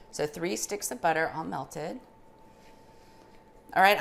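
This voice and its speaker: A woman's voice: lowish voice, vocal fry, noisy background. A middle-aged woman chatting casually as she demonstrates a recipe in her home kitchen. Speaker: cooking show host.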